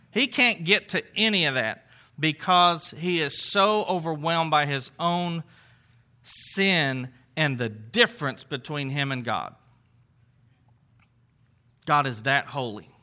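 A man's voice: fairly high pitch, sharp tone. A man preaching a sermon to his congregation, conversational, with rhetorical questions and asides. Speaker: pastor.

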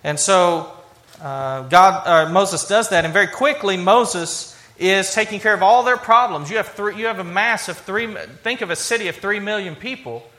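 A man's voice: high voice, normal speed, bright, forceful tone. A man preaching a sermon in a conversational way, acting out quoted lines and often restarting his sentences. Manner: stumbling restarts and fillers. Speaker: pastor.

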